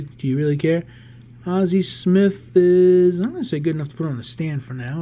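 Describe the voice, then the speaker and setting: Slight background noise accompanies a New York-area man in his 40s with a higher voice, casually opening cards for his collector vlog. The talk is easygoing and meandering, full of restarts as he thinks aloud.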